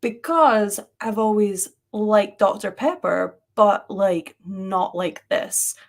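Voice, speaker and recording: A woman's voice: medium pitch, slow. A young woman co-hosting a paranormal show, chatting casually on a live stream with lots of "like" and laughing. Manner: chatty, heavy use of "like", frequent laughter.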